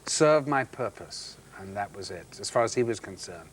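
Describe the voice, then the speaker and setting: A middle-aged man, an actor guest on a chat show, telling a story with halting restarts and acting out the voices of the people in it. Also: on the low side, lively intonation, slightly rough.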